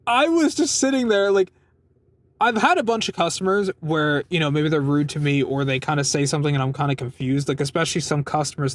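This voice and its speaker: A man's voice: fairly high pitch, no room sound. Rambling, swearing young man telling a story. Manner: rambling, swears a lot, laughs while telling. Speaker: vlogger telling a work story. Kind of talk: casual storytelling.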